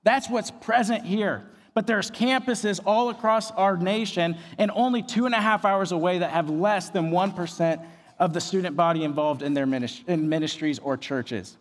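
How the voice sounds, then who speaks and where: A man preaching a sermon as a pastor, energetic and joking as he tells stories. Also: high-pitched, normal speed, long reverb tail. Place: church.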